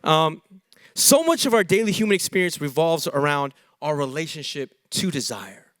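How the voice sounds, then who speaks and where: A man's voice: a little high, normal speed, dry recording, clean studio sound. A young adult man preaching a sermon in church, joking and acting out quoted dialogue. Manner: animated, jokey, acts out quoted dialogue. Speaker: pastor.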